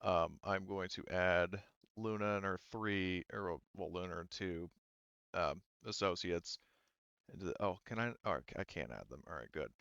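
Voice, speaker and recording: Low, smooth-voiced man running a tabletop game. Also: unhurried, a bit bright, dry recording, muffled recording. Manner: hesitant, many ums and restarts while describing scenes. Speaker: game master.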